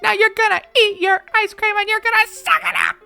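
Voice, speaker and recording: A man voicing a bossy, bratty little girl summoner in a squeaky falsetto, with faint game music underneath. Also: steady tone, fairly quick, vocal fry, sharp tone, exaggerated voice. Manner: scolding, bossy.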